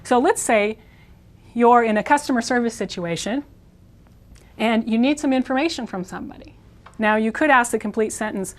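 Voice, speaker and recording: A woman teaching a language lesson, patiently repeating words slowly and clearly, writing on a board as she goes. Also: fairly high pitch, lively intonation. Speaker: Spanish teacher. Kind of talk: classroom pronunciation lesson.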